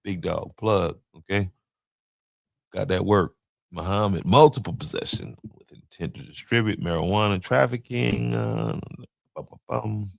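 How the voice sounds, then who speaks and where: Male podcast host, low gravelly voice, dry close sound, casual slangy commentary. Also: measured pace, dry recording. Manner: loose slangy storytelling, stumbling over names.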